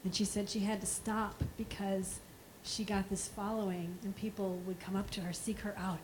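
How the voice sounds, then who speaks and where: Woman, mid pitch, relaxed anecdote-teller at a Q&A; faint room noise. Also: moderate pace, hardly any pauses, rough recording. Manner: laughs through her stories, relaxed. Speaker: panelist at a premiere Q&A. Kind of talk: casual anecdote on a panel. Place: venue at a film premiere.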